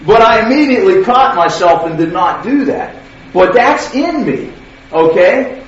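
A man's voice: sits high, animated, unhurried, a bit bright, a little hiss or hum. A man preaching in a conversational storytelling way, often checking in with "okay?". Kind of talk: sermon storytelling. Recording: distant, echoey, dull hall recording.

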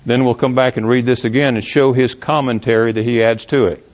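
A man's voice: mid-range voice, fairly even intonation, brisk. A man teaching verse by verse from the Bible in an emphatic, questioning manner, rereading passages aloud. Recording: dull lo-fi recording.

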